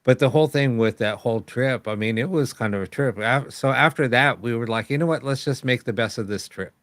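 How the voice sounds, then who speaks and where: A man chatting as a show host, telling a story in a loose, rambling way, full of "um"s and retold dialogue. His voice sits at an ordinary middle pitch and sounds dry and close, with no room echo. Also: fairly quick, a bit bright. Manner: rambling, with many fillers and quoted dialogue. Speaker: host of a live paranormal show. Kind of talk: casual storytelling chat.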